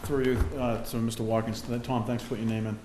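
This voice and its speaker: A man's voice: mid-range voice, flat delivery, fast, darkish tone, slight background noise. A man speaking as a city councillor at a meeting, rambling through his remarks with restarts. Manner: rambling, many restarts and fillers. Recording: echoey meeting-room recording.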